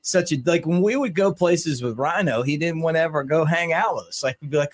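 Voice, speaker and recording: A man's voice: a little high, brisk, few pauses. A middle-aged man co-hosting a podcast, chatting in a loose, rambling way with lots of fillers. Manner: rambling, lots of "like" and "you know", laughs at own stories. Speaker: podcast co-host, play-by-play announcer. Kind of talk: casual chat.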